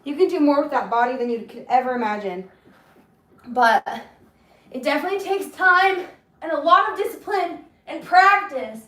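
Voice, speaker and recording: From her small home in a basement apartment, a young woman who sings hosts a livestream in a high, fairly bright voice at a moderate pace. She chats easily with viewers, often giggling, and reads out what they write.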